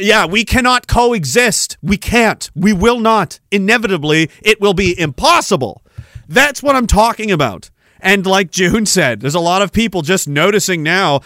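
A man's voice: sits high, very animated, normal speed, pushed and bright, no echo. A man hosting a podcast, ranting about politics in a profane, sarcastic way. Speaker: podcast host.

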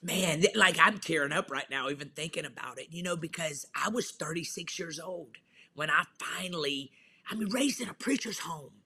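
A woman preaches her testimony with fervent, emphatic energy and folksy slang. Her voice is bright and ringing, with a husky edge to it. She speaks as a pastor who is a guest on a talk show. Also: sits low, normal speed.

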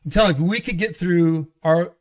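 A man with a slightly raised voice shares his testimony in a relaxed interview. He is an animated storyteller who drops into the voices of the people he talks about. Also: sits high, a little fast. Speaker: pastor and guest. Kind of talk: conversational testimony.

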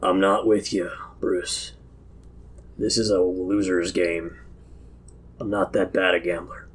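A man voicing a stern, dismissive older nobleman, speaking low and measured. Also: level tone, husky, full character voice.

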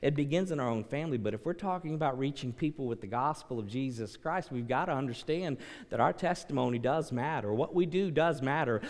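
A male pastor preaching a sermon, swinging between hushed pleading and loud, urgent appeals, clearing his throat now and then. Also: medium pitch, expressive, a little fast. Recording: long hall reverb.

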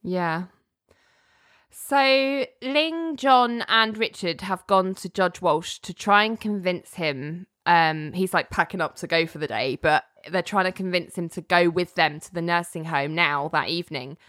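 A woman's voice: on the low side, a little slow, a bit bright. A woman co-hosting a podcast who casually recaps a TV episode, laughing often and swearing now and then. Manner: retells scenes with quoted character lines, laughs often, swears casually. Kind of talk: casual chat, animated recap.

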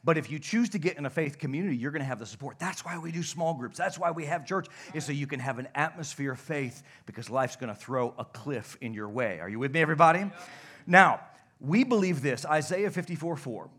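A young adult male pastor preaching a sermon, telling stories animatedly and dropping to a hush at points. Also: fairly high pitch, brisk, husky. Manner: animated, shouts and laughs in stories, drops to a hush. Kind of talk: sermon with storytelling. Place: church sanctuary.

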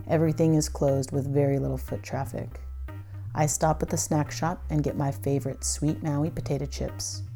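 A woman's voice: low voice, creaky, warm tone. A woman telling a first-person story in a breathless, dramatic way, swearing now and then.

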